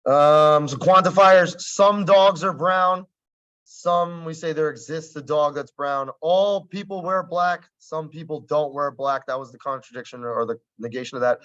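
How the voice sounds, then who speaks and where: A man's voice: on the high side, unhurried, fairly bright tone, clear, resonant tone. A male math teacher lecturing a class in a casual, conversational way, often checking whether students follow. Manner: conversational, keeps checking understanding, wry asides. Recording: dull lo-fi classroom recording.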